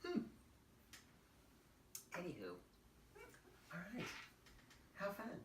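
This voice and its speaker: A woman's voice: on the low side, wildly swooping pitch, extremely slow, noisy background. Playful woman, roomy distant sound. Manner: playful, joking. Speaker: co-host. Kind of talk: casual chat. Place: art studio.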